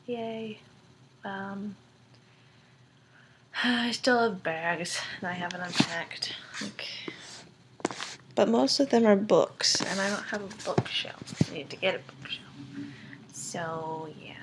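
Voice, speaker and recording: In a casual video letter to her friends, a young woman rambles with lots of ums and likes, giggling between thoughts. Her voice is lowish with a fairly bright tone, and there's a little hiss or hum.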